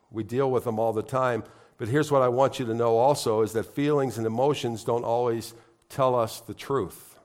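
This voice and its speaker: A middle-aged man preaching a sermon in church, conversational and heartfelt, building to emphatic, rising appeals. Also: mid-range voice. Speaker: pastor.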